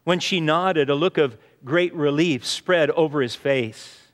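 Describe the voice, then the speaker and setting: Slow, high-voiced preacher in a hall. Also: male voice, a bit bright. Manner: earnest storytelling, often says "you see". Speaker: pastor. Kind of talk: sermon. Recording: reverberant hall.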